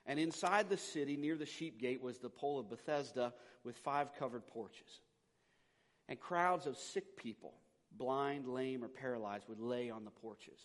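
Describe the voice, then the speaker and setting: A man, a pastor, preaching a conversational sermon that swings between loud emphasis and quiet, intimate asides. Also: medium pitch, measured pace. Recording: long hall reverb.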